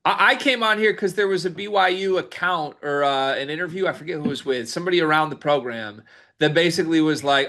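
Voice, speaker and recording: Male sports talk host, fairly high, bright voice, loose chatty delivery. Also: fast talker. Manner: chatty, animated, reads quotes aloud.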